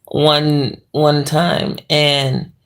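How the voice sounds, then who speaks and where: A slow, drawn-out talker with a gravelly, fry-laden voice, hosting a livestream from bed. The chat rambles along loosely and is broken up by frequent laughs. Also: mid-range voice, flat delivery, fairly bright tone. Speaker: livestream host reading viewer chat. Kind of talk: casual live chat. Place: bedroom, lying in bed.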